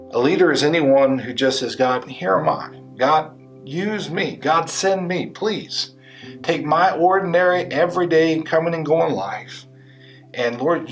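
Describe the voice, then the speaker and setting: A male pastor preaching a sermon and retelling a story with animated, acted-out quotes. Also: medium pitch. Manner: animated storytelling, voicing biblical figures in quotes.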